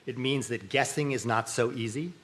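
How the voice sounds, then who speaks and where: Man, middle-aged, academic lecture, conversational, checks in often, medium pitch. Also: normal speed, fairly bright tone. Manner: conversational lecturing with frequent "okay" and restarts. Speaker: academic dean giving a symposium talk. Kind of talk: lecture on linguistics. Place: lecture room at a university symposium.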